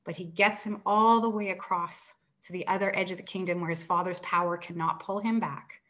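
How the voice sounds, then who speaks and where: Woman, author, book talk, lively storytelling. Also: lowish voice, a little fast. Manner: animated storytelling, acts out quoted voices.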